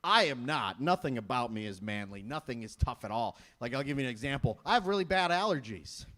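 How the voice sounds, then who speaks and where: Animated self-mocking comedian man. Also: medium pitch, brisk. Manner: self-deprecating, animated, jumps into loud voices for quoted people. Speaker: stand-up comedian. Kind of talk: stand-up comedy set.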